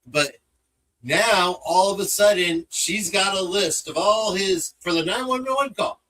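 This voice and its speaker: A man co-hosting a casual chat show, joking and animated. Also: sits high, measured pace, slight background noise, rough recording. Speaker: co-host.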